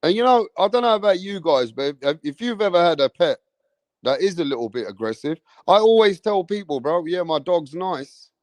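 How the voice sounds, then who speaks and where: Guy ranting about his dog, high voice, swears a lot, dry close sound. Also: a little fast, dry recording. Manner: animated, swears a lot, tags lines with "bruv". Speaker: live stream host. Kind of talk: rambling storytelling.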